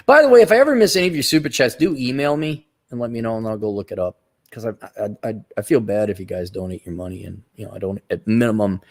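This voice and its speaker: A man hosting a casual livestream, reading out viewer donations and giving blunt, rambling opinions with frequent restarts. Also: medium pitch.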